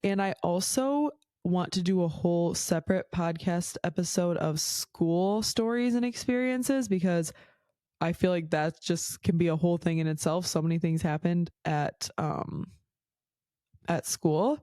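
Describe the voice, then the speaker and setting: This podcast host speaks unhurriedly in a lowish, dark voice with no echo. Telling stories casually on her own show, she's chatty, swears often, and says "like" constantly.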